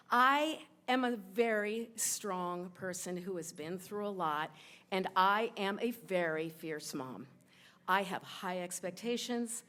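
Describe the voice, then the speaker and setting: Bright-voiced woman telling a personal story. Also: mid-range voice. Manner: emotional, quick bursts of telling with sudden slowdowns. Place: stage at a live event in a sports bar.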